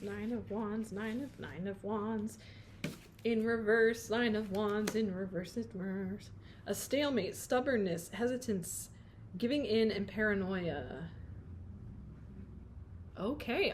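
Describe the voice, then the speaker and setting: In a loose, chatty tarot reading, a woman reads card meanings and riffs on them, playful, laughing at herself, interrupting herself, and now and then singing snatches of song. Her voice is medium in pitch, with a faint hiss underneath.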